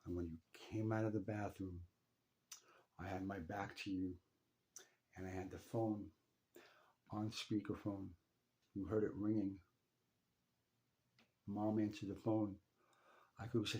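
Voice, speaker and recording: A man speaking straight to his father in an emotional personal story, intense and profane, halting and repeating himself. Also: deep voice, level tone, warm tone. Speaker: son telling a personal story. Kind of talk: emotional first-person address.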